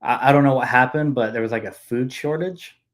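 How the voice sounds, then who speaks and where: A man's voice: mid-range voice, brisk. A young man on a podcast, telling casual deployment stories with lots of "dude" and profanity. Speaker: podcast guest. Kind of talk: casual chat.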